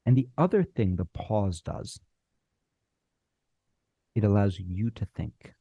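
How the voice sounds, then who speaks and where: A middle-aged man teaches screenwriting in a lively, swooping voice with a gravelly edge. He leans on deliberate pauses and acts out little bits of dialogue. The sound is dry and close. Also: lowish voice, no room sound. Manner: animated, uses deliberate pauses and acted-out dialogue. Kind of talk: instructional talk.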